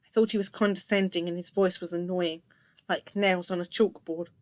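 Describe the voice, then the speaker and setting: A woman narrating a first-person story in a steady, scripted reading voice. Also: on the low side, moderate pace, no echo.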